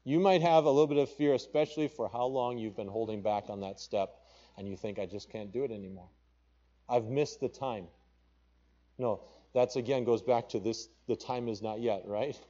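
Man preaching, mellow muffled voice. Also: mid-range voice, normal speed. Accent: Papua New Guinean. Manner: preaching with rising emphasis, quoting scripture in King James wording. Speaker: pastor. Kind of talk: sermon.

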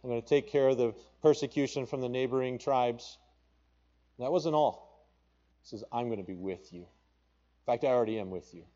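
A man's voice: mid-range voice, moderate pace, long pauses, mellow, highs cut off. A male pastor with a Papua New Guinean accent preaching a sermon and reading scripture aloud with rising emphasis. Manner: preaching with rising emphasis, quoting scripture in King James wording.

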